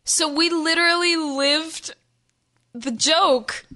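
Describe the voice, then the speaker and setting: A woman's voice: very high voice, slow, pushed and bright. A woman co-hosting a podcast in casual chat, playful and teasing. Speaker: podcast co-host.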